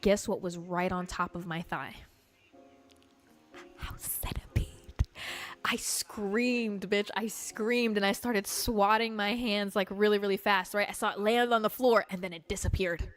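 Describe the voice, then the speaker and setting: A young woman hosting a casual livestream, telling stories in an animated, chatty way full of fillers and swearing. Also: mid-range voice, normal speed, few pauses, faint music behind. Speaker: livestream host.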